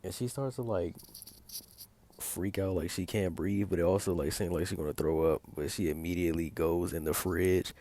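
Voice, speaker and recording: A man's voice: sits low, steady tone, moderate pace, mellow. A man casually recapping a TV episode, rambling and packing his talk with filler words as he retells scenes. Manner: rambling, heavy use of filler like "like" and "or whatever"; retells scenes by quoting characters in his own plain voice. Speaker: video host recapping a TV episode.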